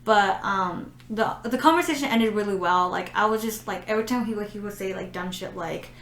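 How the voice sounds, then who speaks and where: A woman's voice: medium pitch, brisk, fairly bright tone. A woman co-hosting a podcast, telling stories in a rambling casual way packed with "like" and acted-out quotes, at home. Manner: rambling storytelling full of "like", acting out quotes. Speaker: podcast co-host. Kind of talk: casual chat. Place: room at home. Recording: roomy echo with faint noise.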